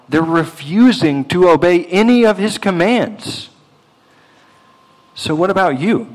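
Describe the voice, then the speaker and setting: A male pastor delivers an earnest, emphatic sermon. His voice sits somewhat higher than most men's, and he leans hard on key words as he works through scripture. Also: lively intonation, a little slow, poor audio.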